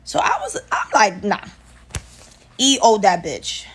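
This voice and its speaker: A young woman, telling a profane, animated workplace story straight to her viewers. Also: medium pitch, normal speed, breathy edge. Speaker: storyteller vlogger. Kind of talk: casual storytime monologue.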